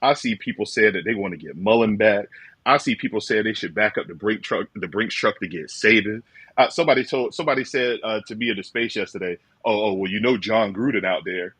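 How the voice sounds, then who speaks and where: A man's voice: on the low side, fast talker, husky, no echo. A man co-hosting a fan call-in show, chatting casually about college football and telling stories with mock quotes. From rural southern United States. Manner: animated storytelling with mock quotes and laughter. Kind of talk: casual sports talk.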